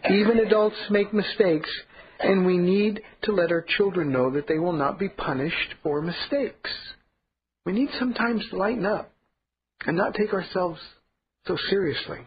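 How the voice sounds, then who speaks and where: A man's voice: sits high, animated, normal speed, lo-fi sound, slight background noise. A man preaching a sermon as pastor, earnest and emphatic, repeating key points.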